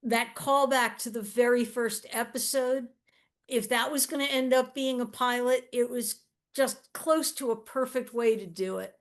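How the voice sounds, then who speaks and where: A woman's voice: fairly high pitch, steady tone, a little slow. A woman talking enthusiastically in a casual fan chat, praising what she loved. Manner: enthusiastic, warm-hearted praise. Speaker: panelist.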